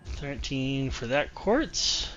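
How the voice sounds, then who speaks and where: A man's voice: mid-range voice, very animated, extremely slow, fairly bright tone, muffled recording, faint music behind. A man streaming a game and chatting casually, rambling and repeating himself as he talks. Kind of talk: casual gameplay chat.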